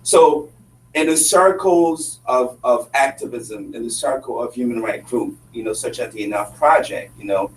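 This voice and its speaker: A man's voice: mid-range voice, moderate pace. French-accented guy being interviewed, emphatic, keeps repeating himself, mic kinda far, echoey room. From Congo. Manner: passionate, emphatic, repeats phrases. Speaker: guest activist. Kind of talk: earnest conversational interview. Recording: roomy, distant mic, faint hum.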